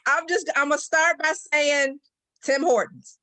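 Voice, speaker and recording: A woman's voice: high-pitched, a little slow, pushed and bright. A woman from Detroit telling a grateful story about her trading mentor in a casual call. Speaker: trading community leader. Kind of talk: casual testimonial.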